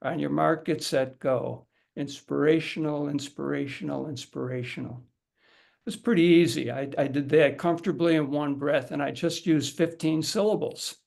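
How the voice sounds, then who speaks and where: A middle-aged man with a gravelly, slightly mellow voice on the high side teaches a haiku workshop at normal speed with few pauses. His instructional talk to the audience is casual and conversational, and he often repeats words and restarts sentences while demonstrating aloud.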